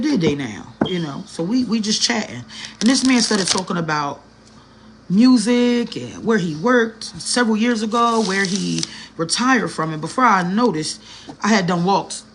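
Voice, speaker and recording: A woman's voice: low voice, slight background noise. A woman telling a personal story in a casual, slangy vlog, talking straight to her viewers with an earnest, emotional edge. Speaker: vlogger.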